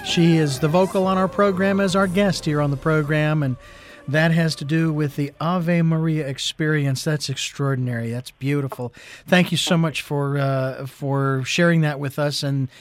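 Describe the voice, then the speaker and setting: A man hosting a radio program, interviewing a guest in a halting way with many restarts. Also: a little high, steady tone, no room sound.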